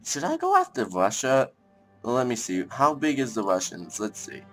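A young man casually commenting on a strategy game as he plays, thinking aloud, rambling and breaking into excited outbursts, with faint music behind him. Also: mid-range voice, moderate pace. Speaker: let's play gamer.

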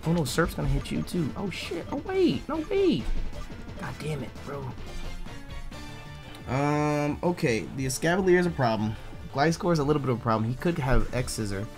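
A young man giving casual, profane let's play commentary, bursting into loud yells. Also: medium pitch, fairly quick. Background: faint game music.

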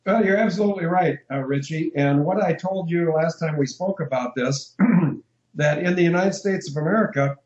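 Brief: talkative male interview guest, slightly high voice, roomy muffled line, emphatic and rambling. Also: normal speed, darkish tone. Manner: discursive, emphatic, spells out letters. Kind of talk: phone-in radio interview.

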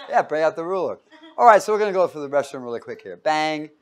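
A man leads a Bible class in a playful, teasing way, quizzing his listeners and cracking jokes as he goes. His voice sits a little high for a man, and he talks straight to the group in front of him. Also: expressive, normal speed. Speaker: Bible teacher. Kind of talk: interactive Bible teaching.

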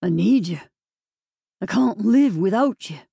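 A woman's voice: medium pitch, animated, unhurried, gravelly, mellow, slightly rough, dry recording, exaggerated voice. A woman narrator voicing a lovesick man with a Scottish accent, pleading earnestly.

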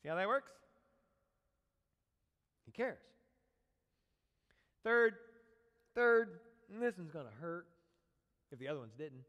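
A man preaching a sermon as a pastor, animated, acting out quoted voices and speaking directly to his congregation. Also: high voice, measured pace, long pauses. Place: church sanctuary. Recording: long church reverb.

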